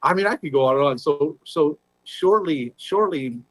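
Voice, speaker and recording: A man with a slightly husky voice tells a personal story as an interview guest, animated and quick to act out the conversations he recalls. The sound is dry and close, with little room around him. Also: a little high, no room sound, low-quality recording. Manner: animated, retells conversations in dialogue.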